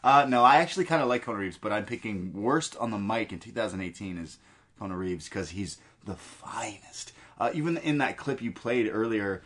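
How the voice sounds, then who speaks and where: Low-voiced man, blunt podcast co-host. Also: animated, fairly quick, a bit bright. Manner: blunt, swears freely, laughs often. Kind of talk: casual chat.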